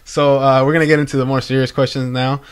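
A young man co-hosting a podcast, chatting loosely and stumbling over his words as he goes. His pitch sits in an ordinary middle range, and he talks in a slangy, easygoing way. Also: fast talker, clear, resonant tone. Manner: relaxed, slangy, many restarts. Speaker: podcast co-host. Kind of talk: casual chat.

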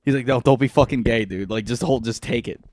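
A man hosting a podcast, telling a crude story in casual, animated chat. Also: mid-range voice, a little fast, no echo. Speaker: podcast host.

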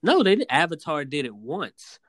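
Emphatic, animated podcast man. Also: on the high side, moderate pace, dry recording. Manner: animated, emphatic, repeats himself when starting. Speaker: podcast co-host. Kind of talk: casual debate chat.

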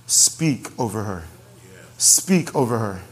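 Animated preacher man, echoing church hall. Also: on the low side, slow. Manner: animated, repeats phrases for emphasis, jokes with congregation. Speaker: pastor. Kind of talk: sermon. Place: church sanctuary. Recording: long hall reverb.

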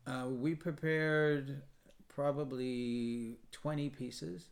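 A man with a mid-range voice tells a story in a relaxed podcast conversation. He is animated and quotes other people in lively voices. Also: medium pitch, drawn-out words, gravelly. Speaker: choir founder and guest. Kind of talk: storytelling in a casual podcast chat.

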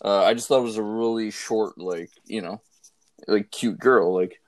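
A man with a low voice chats casually and tosses in quick reactions. The sound is dry and close, with almost no room in it. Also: no echo. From Canada. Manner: short reactions, loose and drunken-story tone. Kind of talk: casual chat.

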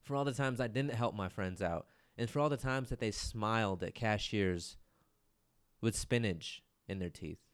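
Rambling, low-voiced man hosting a podcast. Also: normal speed. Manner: rambling and self-mocking, swears and says "dude" often. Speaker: podcast host. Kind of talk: casual solo podcast monologue.

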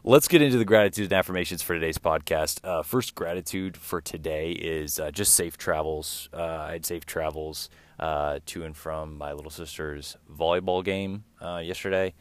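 A young man in his twenties hosting a solo podcast, talking in a relaxed, rambling way with lots of ums and uhs. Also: rumbling low, normal speed, hardly any pauses, no echo. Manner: relaxed, rambling, many fillers. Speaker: podcast host. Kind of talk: casual solo podcast talk.

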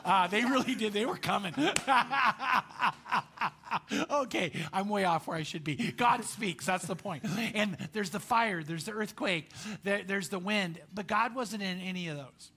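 A pastor from Southern California preaching a sermon in an animated, chatty way, asking the congregation questions. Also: male voice, sits high, slight background noise.

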